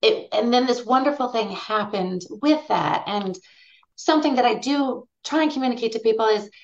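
A woman's voice: fairly high pitch, moderate pace, gravelly. A woman guest in a podcast interview who tells anecdotes animatedly and acts out the voices in them. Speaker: guest ethnobotanist. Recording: dull lo-fi sound.

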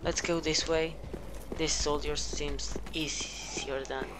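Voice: mid-range voice, little pitch movement, slow pace, very noisy. A gamer from Argentina, whose native language is Spanish, speaks English with an Argentinian Spanish accent over a headset. The gamer mutters reactions, curses at enemies and keeps saying a sarcastic "great". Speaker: let's play gamer. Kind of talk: casual gameplay commentary. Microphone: headset microphone.

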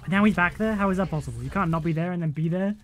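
A man's voice: high voice, racing, a little hiss or hum. A man giving live, jokey commentary while he plays a video game, exclaiming and laughing often. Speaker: game streamer.

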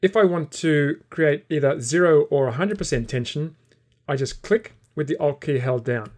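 Calm man explaining software steps. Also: on the high side, normal speed. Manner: calm step-by-step explaining while clicking. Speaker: software tutorial instructor. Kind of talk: screen-recorded software tutorial.

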